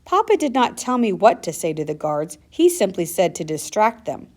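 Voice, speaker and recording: A woman reading an audiobook aloud in first person, steady and earnest. Her narration is measured, with a mid-range voice that carries the story plainly. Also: medium pitch.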